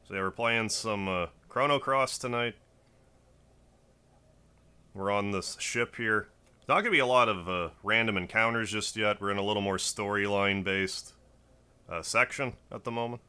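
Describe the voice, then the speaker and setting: A man's voice: on the low side, moderate pace, bright, forceful tone, smooth. A man chatting casually on a game livestream, greeting viewers by name between play. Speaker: game streamer. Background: faint game music.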